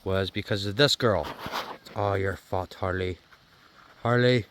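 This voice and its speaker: A man's voice: deep voice, fairly even intonation, measured pace, a bit bright, slight background noise. A man hosting a casual farm vlog outdoors. He talks fondly and playfully to his dogs in a coaxing sing-song. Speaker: vlog host. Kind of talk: casual chat.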